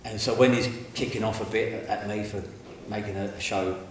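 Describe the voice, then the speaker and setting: A man's voice: fairly low pitch, fairly quick. Man, echoey room. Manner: animated, colloquial, acts out the people in his stories. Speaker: interviewee giving a testimony. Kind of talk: candid storytelling. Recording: very echoey room, faint noise.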